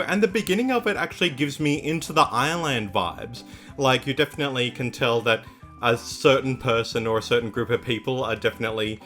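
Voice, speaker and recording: A man's voice: mid-range voice, a bit bright. A young man hosting a K-pop reaction video, chatting casually and gushing with upbeat enthusiasm, filling his talk with "like". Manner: gushing, upbeat, heavy use of "like".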